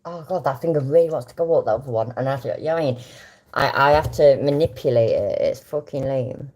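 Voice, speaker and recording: Older British streamer, unusually deep and expressive, blunt casual chat with plenty of swearing. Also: female voice, fast talker. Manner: blunt, heavy swearing, chatty. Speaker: host reacting to videos.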